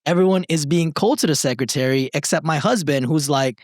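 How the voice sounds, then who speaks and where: A man's voice: a little high, brisk, dry recording, studio quality. A young man, a podcast co-host reading a story aloud and then bantering casually with friends. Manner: animated, swearing banter.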